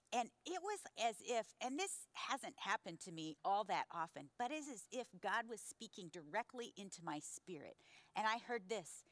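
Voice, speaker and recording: A woman in her sixties telling a personal story in a conversational sermon, animated and acting out the voices. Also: a little high, normal speed, dry recording. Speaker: pastor's wife, co-speaker.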